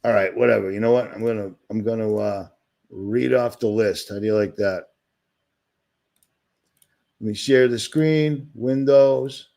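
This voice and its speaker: A man's voice: on the low side, a little slow, creaky, pauses often, mellow. A man from Boston hosting a livestream, talking in a sarcastic, agitated, rambling rant while sharing his screen. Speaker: livestream host. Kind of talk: ranting livestream commentary.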